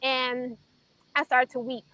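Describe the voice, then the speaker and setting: Bright-voiced woman telling an emotional testimony. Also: high-pitched, level tone, no echo, rough recording. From Chicago. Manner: earnest, emotional storytelling with pauses. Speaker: guest sharing her testimony. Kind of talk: personal testimony in a faith talk.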